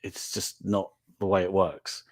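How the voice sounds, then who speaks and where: A man's voice: deep voice, little pitch movement, unhurried. An older man, talking casually and earnestly to viewers on a live stream as a toy brand manager, with frequent fillers and restarts.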